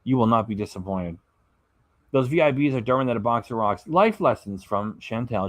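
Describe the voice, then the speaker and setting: A man hosts a live stream in a loose, chatty way, reading viewers' messages aloud and stumbling over names. He sounds tired and yawns now and then. His voice sits at an ordinary pitch and is recorded dry and close. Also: animated, normal speed, no echo. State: tired, yawning. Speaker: reaction channel host reading live chat. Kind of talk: casual livestream chat.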